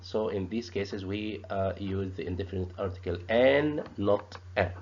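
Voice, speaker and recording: Slow, halting male teacher. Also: on the low side, a little mellow, slight background noise. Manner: slow, halting, repeats sounds and words. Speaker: English teacher. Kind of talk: grammar lesson. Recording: dull lo-fi sound.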